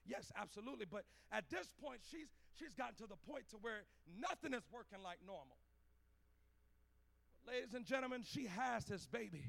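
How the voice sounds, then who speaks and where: A man's voice: high voice, lively intonation, moderate pace, vocal fry, a bit bright. A man preaching a sermon in a Pentecostal church, telling a story and building to chanted cadences. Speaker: pastor.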